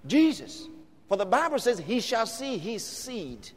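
A man preaching a sermon, building from steady teaching to shouted declarations. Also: very high-pitched, measured pace, breathy edge, in a large hall.

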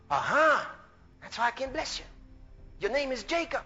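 Preacher, male, high sharp voice, fervent and shouting, lo-fi recording. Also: very animated, moderate pace. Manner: fervent, laughing, bursts into shouts. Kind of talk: sermon. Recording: dull lo-fi recording with faint music.

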